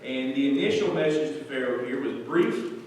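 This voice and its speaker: A man's voice: mid-range voice, expressive, moderate pace, a little hiss or hum. Male Bible teacher, mid-range voice, casual questioning delivery, recorded from a distance in a very echoey sanctuary. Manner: conversational, asks the congregation questions, frequent "um" and "okay?". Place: church. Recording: echoey church hall, mic far off.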